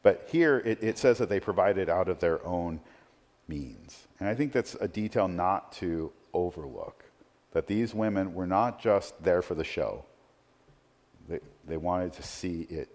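A man delivers a sermon with a fairly low voice, talking in a loose, conversational way and often restarting his sentences. His words ring out with a long reverb, as if recorded in a large church sanctuary. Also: a little mellow. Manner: conversational, tag questions, frequent restarts. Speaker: pastor.

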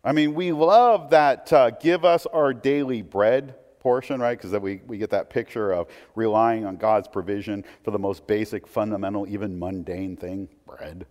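A pastor delivers a sermon in a low, slightly mellow voice at a moderate pace with hardly any pauses. His conversational preaching, full of asides and restarts, shifts between a plain tone and bursts of emphasis. A long hall reverb makes his voice ring.

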